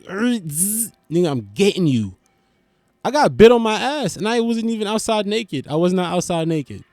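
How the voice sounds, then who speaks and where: A man hosting a podcast, riffing in a loose, profane, animated comic monologue. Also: on the high side, no echo. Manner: loose, animated, profane, swings into loud bursts. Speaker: podcast host. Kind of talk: casual comedic monologue.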